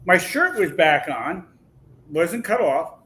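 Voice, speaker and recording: A man guest telling a long personal story in a lively, animated way, acting out the voices he quotes. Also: high-pitched, slow, poor audio. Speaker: podcast guest. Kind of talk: casual storytelling.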